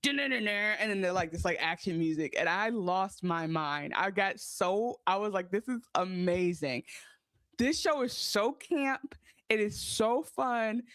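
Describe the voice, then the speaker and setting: A woman co-hosting a podcast, recapping a TV episode in casual chat. She talks in an animated way, swears, and acts out her own reactions. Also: mid-range voice, a little slow, no echo. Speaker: podcast co-host.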